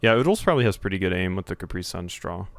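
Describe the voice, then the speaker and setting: This young streamer has a deep, animated voice and talks fast, with a little hiss or hum audible. While gaming live, he chats casually and jokily with his audience, rambles, swears and reads out the game's text.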